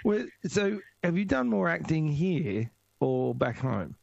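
A man hosting a radio interview, playful and teasing, laughing often with a gravelly voice. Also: fairly high pitch, big pitch swings, slow pace, darkish tone, no echo. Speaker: radio host. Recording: dull lo-fi radio sound.

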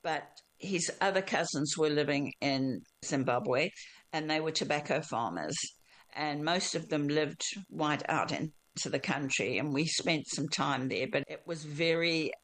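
A woman's voice: deep voice, measured pace, a bit bright. An older woman with a mixed Australian and South African accent, telling her life story as an interview guest.

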